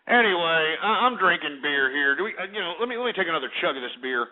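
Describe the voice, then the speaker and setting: A man's voice: on the high side, expressive, fast, few pauses. A man hosting a call-in radio show, brash and mocking with a profane, taunting manner. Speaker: radio talk show host. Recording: tinny lo-fi radio recording.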